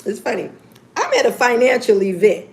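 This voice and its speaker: A woman chatting casually on a livestream, candid and profane, with lively swings in her voice. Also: a little high, normal speed, gravelly. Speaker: YouTuber.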